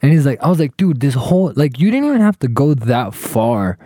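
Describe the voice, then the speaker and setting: A man's voice: medium pitch, brisk, no echo, studio quality. A young man casually telling a profane story to friends, acting out what everyone said. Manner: profane, animated, acts out quotes.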